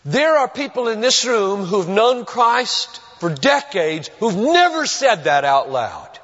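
Male pastor, high voice, slow deliberate delivery, earnest emphatic sermon, long reverb in a church sanctuary. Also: sing-song, a bit bright. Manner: earnest, emphatic preaching with dramatic pauses. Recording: dull recording with long hall reverb.

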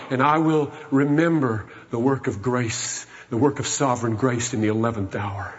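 A man preaching a sermon, moving from hushed, solemn retelling to loud, urgent exhortation. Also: mid-range voice, normal speed, few pauses. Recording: muffled recording with long hall reverb.

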